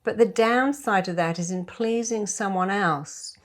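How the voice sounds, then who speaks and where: A middle-aged woman hypnotherapist giving a lively motivational talk to camera, acting out bits of dialogue as she goes. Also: medium pitch, unhurried. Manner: lively, acts out quoted dialogue.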